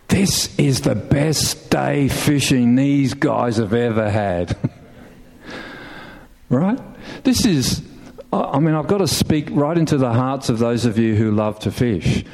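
A middle-aged man preaching a sermon, telling a story with animated emphasis, asking the listeners questions and laughing now and then. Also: mid-range voice. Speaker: pastor.

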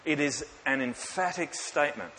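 A man preaches a sermon in a fairly high voice, driving his points home with emphasis and rhetorical questions. He drops in light joking asides. The sound carries a hall's long echo over a faint hiss. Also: expressive, normal speed, bright, forceful tone. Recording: echoey hall with faint hiss.

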